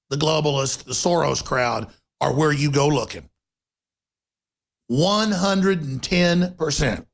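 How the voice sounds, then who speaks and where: A man hosting a political talk radio show, delivering an emphatic, sarcastic monologue with bursts of rapid speech. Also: a little high, creaky.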